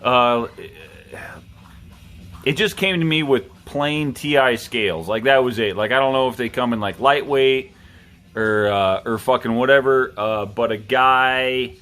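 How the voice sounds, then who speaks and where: A man's voice: mid-range voice, unhurried, a bit bright. A tipsy man hosting a knife review vlog, rambling casually with plenty of swearing and self-mocking jokes.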